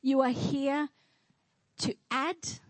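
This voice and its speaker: A woman's voice: high voice, flat delivery, extremely slow, no echo, rough recording. A woman pastor preaching a sermon in church, declaring and asking the congregation questions.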